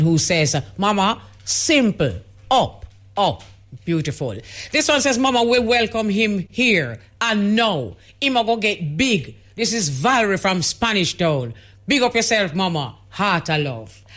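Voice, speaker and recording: A woman's voice: on the low side, a bit bright. Jamaican woman hosting a chatty radio show. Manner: chatty, easygoing, with patois greetings. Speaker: radio host. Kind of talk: radio call-in show reading listener messages. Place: radio studio.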